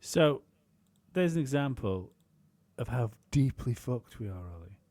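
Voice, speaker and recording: A man's voice: medium pitch, animated, a little slow, mellow, no room sound. A man co-hosting a podcast, chatting casually, rambling with many fillers and some swearing. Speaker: podcast co-host.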